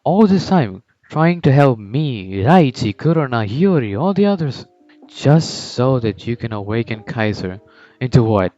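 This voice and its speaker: A man voicing a cocky teenage male soccer striker who taunts and shouts at his rivals, over background music. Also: lowish voice, normal speed, clear, resonant tone, dull audio, lightly acted. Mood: defiant. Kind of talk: fan story voice acting.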